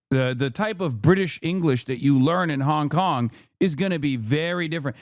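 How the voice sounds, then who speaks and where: A man's voice: fairly high pitch, lively intonation, normal speed, no room sound, studio quality. A man in his thirties giving live-stream reaction commentary, ranting in a profane, incredulous way with sarcastic asides. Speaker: streamer reacting to clips and chat.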